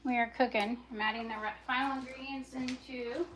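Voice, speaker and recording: A woman in her home kitchen narrates her cooking on a casual livestream, muttering to herself and now and then yelling at her dog. Her voice is high-pitched, fairly quick and fairly even in intonation. The rough recording carries a little hiss or hum.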